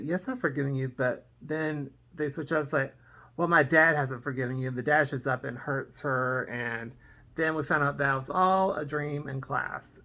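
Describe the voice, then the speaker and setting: Reaction vlogger: casual, rambling TV recap, filler-heavy, bright and crisp tone, mid pitch. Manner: rambling, with many ums and "and so"; acts out characters' lines in quotes. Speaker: TV reaction reviewer.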